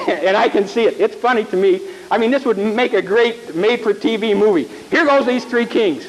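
A man preaching a sermon, telling a Bible story in a folksy, animated way and repeating words. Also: sits high, moderate pace, hardly any pauses, a little hiss or hum, poor audio.

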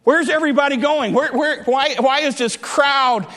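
A man's voice: sits high, lively intonation, a little fast, fairly bright tone. A male preacher acting out a desperate blind beggar who pleads urgently in a sermon. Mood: pleading. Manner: pleading, urgent, repeating himself.

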